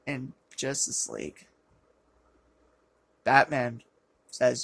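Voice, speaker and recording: Ranting movie reviewer, exasperated, sarcastic, rough voice, dry close sound. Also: mid-range voice, big pitch swings, takes it slowly, pauses often, no room sound. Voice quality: self-described rough voice. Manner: exasperated and sarcastic, with loud outbursts. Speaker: film reviewer. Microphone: low-quality camera.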